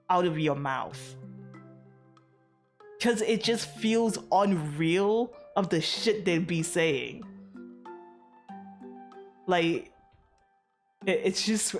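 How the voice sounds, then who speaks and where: A woman streaming and chatting loosely to her chat in a low-pitched voice, piling up fillers and curse words as she rambles. She is from outside America. Soft music plays faintly behind her. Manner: rambling, animated, frequent swearing and fillers. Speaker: VTuber streamer.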